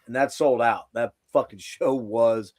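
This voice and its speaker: A man hosting a laid-back podcast, rambling through a profane, jokey story. His voice sits in an everyday middle pitch, and the talk drifts loosely from one aside to the next. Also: a little slow. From Philadelphia area, United States. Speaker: podcast host. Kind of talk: casual chat, storytelling.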